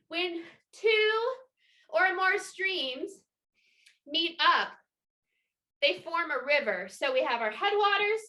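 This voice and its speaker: Bubbly high-voiced woman teaching kids. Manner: energetic, encouraging, playful. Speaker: children's water festival educator. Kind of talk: upbeat lesson for children with movements. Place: home, indoors. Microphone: video call.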